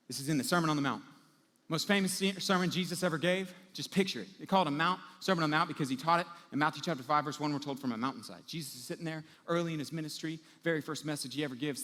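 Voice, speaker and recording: A man preaching a sermon as pastor, telling everyday scenes with lively acted-out moments. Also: medium pitch, long reverb tail. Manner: animated storytelling, acting out everyday scenes.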